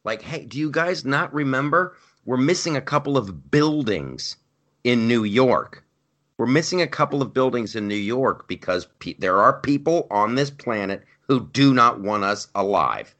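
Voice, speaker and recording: A man's voice: mid-range voice, expressive, normal speed, fairly bright tone. A man hosting a podcast, talking politics in a rambling, emphatic, joking way. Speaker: podcast host. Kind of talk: casual political chat.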